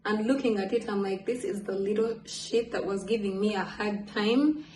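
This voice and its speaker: A woman's voice: mid-range voice, moderate pace, warm tone, reverberant, a little hiss or hum, low-quality recording. A woman telling a candid storytime on her vlog at home, chatty and swearing, jumping between asides. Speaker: vlogger. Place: home apartment.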